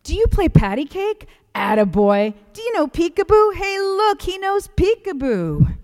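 A woman's voice: mid-range voice, animated, unhurried, no echo, clean studio sound. A woman voicing a disheveled, toothless, drunk old man who coos and calls out to a baby. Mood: excited calling. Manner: cooing and calling loudly.

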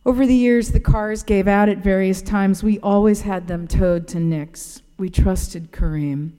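A woman reading a personal essay aloud in a gentle, reflective storytelling way. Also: medium pitch, steady tone, measured pace, clean tone, in a large hall. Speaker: narrator.

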